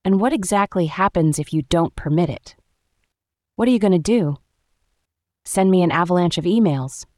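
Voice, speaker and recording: A woman's voice: fairly low pitch, animated, moderate pace, long pauses, darkish tone, no room sound, clean studio sound, close to an everyday voice. A woman doing a sardonic cocky engineer. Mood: mocking. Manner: dismissive and mocking. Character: cocky rule-breaking male engineer, sardonic.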